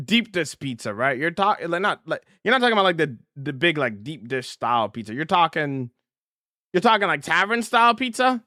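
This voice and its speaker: A man's voice: fairly high pitch, big pitch swings, fairly quick, pushed and bright, no echo, clean studio sound. A man livestreaming a game, chatting casually with viewers and humming while he builds. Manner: chatty, answers chat, hums while building.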